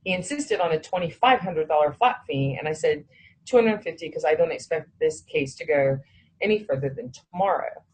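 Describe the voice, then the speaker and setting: A woman's voice: deep voice, animated, normal speed, slightly rough, rough recording. A woman recounting a personal story, acting out the dialogue of others and cursing when heated.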